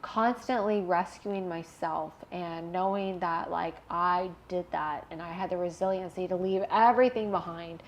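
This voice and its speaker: A young woman guest telling a personal story in a candid interview, animated and emotional, laughing at times. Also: on the low side, moderate pace, hardly any pauses, a little hiss or hum.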